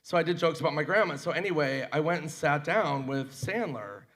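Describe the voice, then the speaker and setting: A stand-up comedian on a convention panel telling a story in an animated way, acting out what others said. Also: male voice, a little high. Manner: animated, quick storytelling, acting out quotes and laughing. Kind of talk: comic anecdote on a panel.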